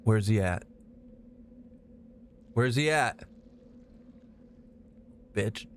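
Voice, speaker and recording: A man's voice: on the low side, very slow, a little hiss or hum. A man streaming a game live, chatting casually with his chat, rambling and swearing as he plays. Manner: profane, animated, rambling.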